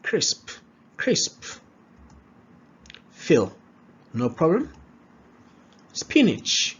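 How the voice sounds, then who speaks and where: A husky-voiced man leads a slow pronunciation lesson, saying each example word again and again. His pitch rises and falls a lot as he drills, and the recording sounds dull and lo-fi. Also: big pitch swings. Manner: repeats words slowly, checks in with "all right?". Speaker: pronunciation teacher.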